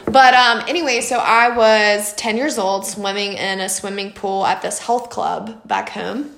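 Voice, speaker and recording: A woman's voice: medium pitch, unhurried, creaky, fairly bright tone. A woman from Mississippi telling a story in a casual podcast chat, laughing often and using lots of fillers. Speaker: podcast co-host. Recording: echoey room.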